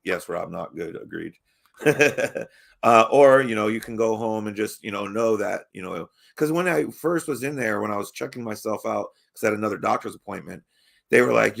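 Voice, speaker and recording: A young man from Baltimore hosting a podcast, his voice gravelly with fry. He rambles through a story in casual chat, cursing freely, laughing often and stumbling over his restarts. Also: on the low side, moderate pace, fairly bright tone. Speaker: podcast host.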